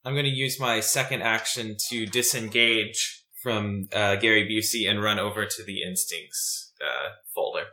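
A man playing a tabletop game, throwing in quick jokes among his moves. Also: on the low side, bright, forceful tone. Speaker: player. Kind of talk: joking tabletop play.

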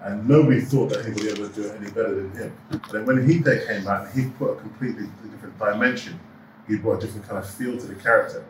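Fast-talking man, echoey and distant. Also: fairly low pitch, a little hiss or hum. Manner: animated storyteller who acts out quoted dialogue. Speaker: actor and producer, guest. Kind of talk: anecdotal interview chat. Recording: echoey room, voice off-mic.

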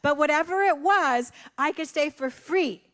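High-voiced grandmother telling a sermon story. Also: normal speed. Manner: animated, acts out conversations in voices. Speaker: church speaker.

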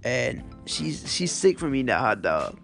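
A man hosting a casual podcast on his phone, retelling books and shows in an animated, profane, rambling way. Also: medium pitch, normal speed, vocal fry, faint music behind. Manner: animated, profane storytelling with lots of fillers. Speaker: podcast host.

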